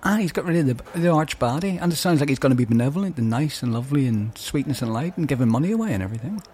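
A man's voice: medium pitch, expressive, rapid-fire, a little mellow, a little hiss or hum. A man co-hosting a podcast who chats in a rambling, hesitant, joking way. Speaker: podcast co-host. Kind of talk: casual chat.

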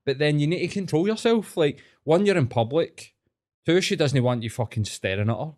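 Fairly quick and on the high side, this man's voice carries a Glaswegian Scottish accent. He hosts a podcast, spinning animated stories in relaxed conversation with plenty of swearing.

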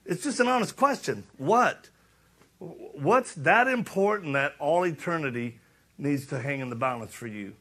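A middle-aged man giving a sermon-style talk, joking and animated, then urgent and challenging. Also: fairly high pitch, unhurried, slightly rough. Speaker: speaker.

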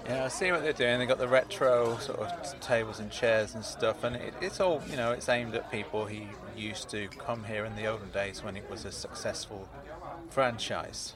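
A young man hosting a comedy podcast, narrating and chatting in a dry, low-key, exasperated way. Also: moderate pace, crowd noise. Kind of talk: deadpan comedy narration and sketch.

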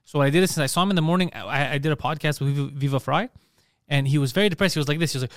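Brash guy rattling off crude stories, talks fast, dry close sound. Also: a little high, dry recording. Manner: brash, profane storytelling. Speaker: podcast co-host. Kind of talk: casual chat.

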